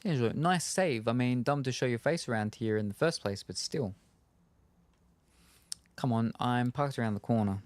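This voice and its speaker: A streetwise male vampire from a video game, put on by a man reading along, growls his lines in a gravelly voice. He talks brusquely and teases, at an ordinary middle pitch. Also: normal speed, pauses often, no echo, lightly acted. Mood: gruff. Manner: brusque, teasing.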